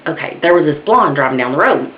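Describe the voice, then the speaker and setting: A woman's voice: deep voice, big pitch swings, moderate pace. A woman telling jokes in a folksy, casual way and chuckling at her own punchlines. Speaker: joke teller. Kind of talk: casual joke telling to camera. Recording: dull lo-fi home video with faint hiss.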